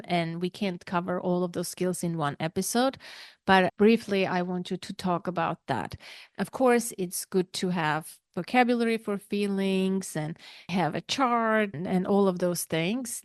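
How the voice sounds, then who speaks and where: A woman's voice: medium pitch, no room sound, clean studio sound. A woman hosting a podcast, asking questions and thinking aloud in an engaged, casual way. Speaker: podcast host. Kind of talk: interview questions and comments.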